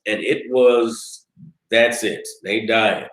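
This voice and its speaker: A man teaching a scripture class, telling the story in a lively way and acting out screams and cries. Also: fairly low pitch, slow, echoey room, poor audio. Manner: animated storytelling, acts out screams.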